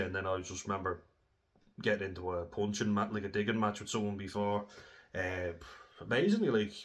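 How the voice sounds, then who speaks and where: A man's voice: fairly low pitch, a bit bright. Sweary young man telling stories. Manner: blunt, sweary, laughs while telling stories. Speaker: former rugby player. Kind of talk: casual storytelling.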